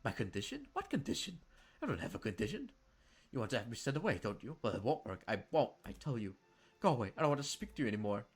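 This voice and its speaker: A man puts on a wicked game sister, taunting and sneering. The voice swings widely up and down and has a husky grain, and she savours every cruel word. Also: medium pitch, huge pitch swings, fast talker, exaggerated voice. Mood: defensive. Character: cruel mocking young woman, the sister. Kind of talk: voicing characters in a game stream.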